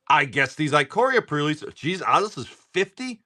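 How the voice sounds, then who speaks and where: A tired man chatting on a live stream as he opens card packs, excitable, swearing and laughing, talking to viewers by name. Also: fairly high pitch, normal speed. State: tired from poor sleep. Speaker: livestream card seller. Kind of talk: casual live-stream chat while opening card packs.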